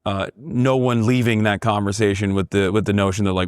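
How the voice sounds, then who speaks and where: A man who grew up in Turkey, talking as a podcast guest in a measured, thoughtful way. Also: lowish voice, little pitch movement, darkish tone, clear, resonant tone, dry recording, clean studio sound. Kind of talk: casual conversation.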